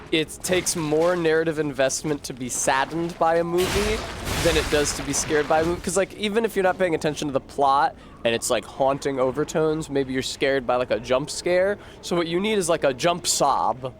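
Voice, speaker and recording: A man's voice: on the high side, moderate pace, a little hiss or hum. A man streaming a game, commenting casually with sarcastic, rambling asides and frequent swearing.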